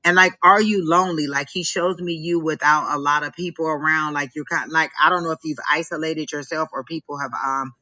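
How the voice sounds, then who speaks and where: A woman's voice: low-pitched, fairly even intonation, fairly quick, few pauses, pushed and bright, highs cut off. A woman co-hosting a live stream and giving a psychic reading, talking in a rambling way with many "like"s. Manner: rambling, heavy use of "like". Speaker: psychic reader and co-host.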